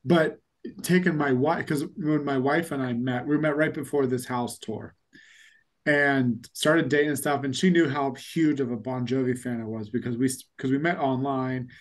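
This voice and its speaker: A man's voice: medium pitch, steady tone, moderate pace. A man hosting a podcast in casual chat, telling stories in a rambling way with lots of fillers. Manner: rambling storyteller, many fillers like "like". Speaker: podcast host.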